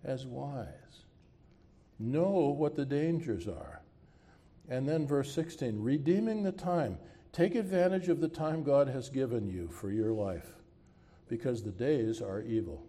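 Slow, mellow-voiced male pastor preaching. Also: medium pitch. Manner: asks the congregation rhetorical questions; closes with a spoken prayer. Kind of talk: sermon.

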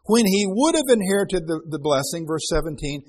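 Husky-voiced man teaching a sermon. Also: on the high side, big pitch swings, normal speed, hardly any pauses, a little mellow. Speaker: preacher.

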